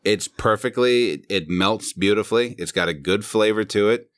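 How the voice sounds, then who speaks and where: A man's voice: on the low side, normal speed. A man co-hosting a podcast, laughing and riffing on crude jokes with vivid images. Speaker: podcast co-host. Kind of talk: crude casual banter.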